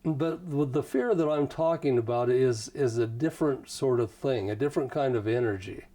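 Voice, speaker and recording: Guy on a talk show interview, rambly folksy storyteller, warm mellow voice, lots of you know. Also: mid-range voice, normal speed. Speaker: interview guest. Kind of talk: casual conversational storytelling.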